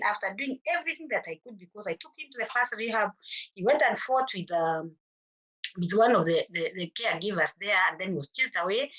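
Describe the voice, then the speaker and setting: A woman's voice: medium pitch, fairly bright tone, breathy edge, low-quality recording. A middle-aged woman with a Kenyan accent, earnestly telling her own story as a mother at a forum and acting out the exchanges she recalls. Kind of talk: personal testimony at a forum.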